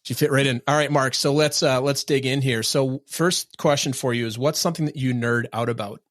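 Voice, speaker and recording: A man's voice: medium pitch, fairly even intonation, fairly quick, a bit bright, no echo, clean studio sound. A man from Minnesota hosting a podcast interview, friendly and self-deprecating in casual chat. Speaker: podcast host.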